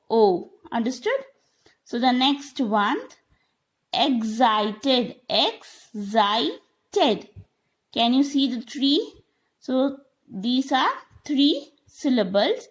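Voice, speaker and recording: Woman teacher, unhurried, checks in with the class often, non-native English phrasing. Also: on the high side. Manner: slow, repetitive, checks understanding with "okay?". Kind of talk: online classroom lesson.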